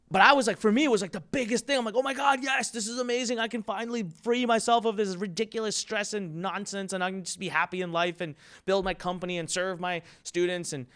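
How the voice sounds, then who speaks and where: A man, an entrepreneur, giving an emphatic and energetic motivational talk with business advice, telling stories and acting out what people said. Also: sits high, clean tone. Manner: emphatic and energetic, acts out quotes.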